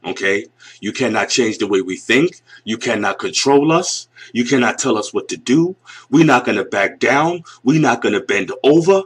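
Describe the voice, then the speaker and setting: Reacting to a clip as a YouTube commentator, this fortyish Northeastern US man rants with blunt mockery. He speaks at a moderate pace in an expressive, medium-pitched voice with a breathy edge.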